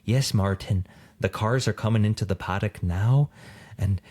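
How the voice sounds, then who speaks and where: A man's voice: lowish voice, normal speed, a little mellow, lightly acted. A man mocking a timid nervous housewife. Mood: meek.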